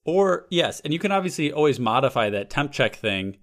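A man's voice: on the high side, big pitch swings, brisk, fairly bright tone. A man co-hosting a podcast in casual comedic chat, riffing on ideas and laughing often. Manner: playful, laughs often, riffs on bits. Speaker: podcast co-host.

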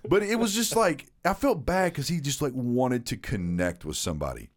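Guy on a podcast telling a story, swears a lot, mid pitch, acts out the quotes. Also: animated, normal speed. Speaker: podcast co-host. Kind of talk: casual storytelling chat.

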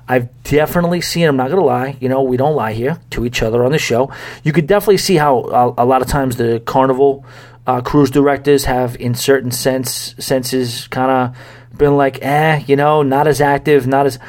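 A man's voice: mid-range voice, darkish tone. A man hosting a podcast, talking casually and rambling, now and then getting fired up in mock rants. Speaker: podcast host. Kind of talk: casual solo podcast talk.

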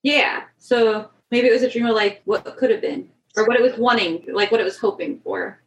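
A woman's voice: fairly high pitch, steady tone, normal speed, a little hiss or hum. Chatty woman player in a roomy space. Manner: chatty, upbeat, in character. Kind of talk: tabletop role-play.

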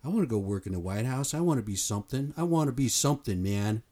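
A man's voice: mid-range voice, expressive, fast, warm tone. A man from the United States giving a blunt, fired-up opinion monologue, swearing and repeating himself for emphasis. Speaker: commentator.

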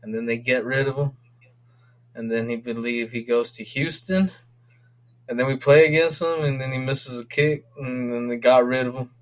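A man co-hosting a casual sports podcast, rambling and swearing excitably as he rants about his team's games. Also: mid-range voice, moderate pace. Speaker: podcast co-host.

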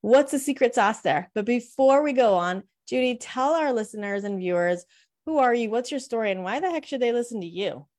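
A woman's voice: fairly high pitch, animated, fairly quick, a little mellow. A woman hosting a live show, introducing her guest in an upbeat, eager way. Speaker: host.

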